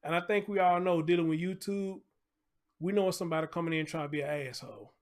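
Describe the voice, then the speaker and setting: A man's voice: fairly high pitch, fairly even intonation, fast talker. Blunt, slangy man hosting a livestream. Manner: blunt, laid-back, slangy, reads chat names aloud. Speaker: YouTube livestream host. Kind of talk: casual livestream chat.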